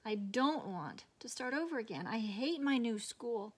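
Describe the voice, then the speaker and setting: A woman reading aloud as a reluctant, gloomy schoolgirl who drags out her words in a slow, whiny way. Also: a little high, expressive, slight background noise. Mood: stubborn, whiny.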